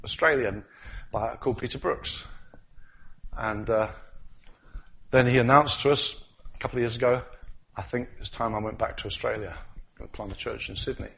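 A man preaching a sermon, animated, acting out the voices of the disciples as he talks. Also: medium pitch, normal speed, gravelly, long pauses, highs cut off.

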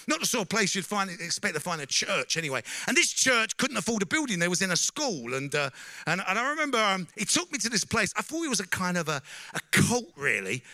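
Forceful high-voiced man telling a story. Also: dry recording, clean studio sound. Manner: lively storyteller with frequent "you know?" and questions to the audience. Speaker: speaker giving a testimony. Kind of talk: personal testimony to a church audience.

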